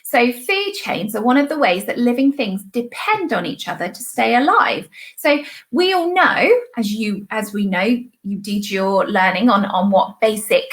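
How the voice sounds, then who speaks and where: A young woman, a primary school teacher, giving a recorded online lesson to young children with bright, encouraging, sing-song praise. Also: fairly high pitch, lively intonation, measured pace.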